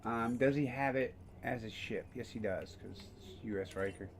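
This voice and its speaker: A man's voice: medium pitch, normal speed, slight background noise. A man casually streaming a game, rambling with frequent fillers and the odd curse. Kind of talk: casual gameplay commentary.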